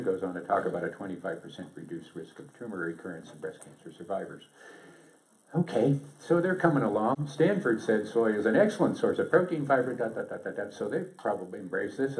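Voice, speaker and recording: A man giving a seminar presentation to an audience, lively and joking in a conversational way. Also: on the low side. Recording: echoey room, distant mic.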